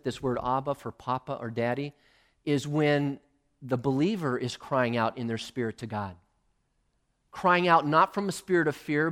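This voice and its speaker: A male preacher giving a sermon, emphatic and swinging between loud and hushed. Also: a little high.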